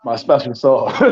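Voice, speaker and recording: A man's voice: fairly high pitch, a little mellow, slightly rough, lo-fi sound. Baltimore man in loose, profane banter. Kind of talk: casual group chat.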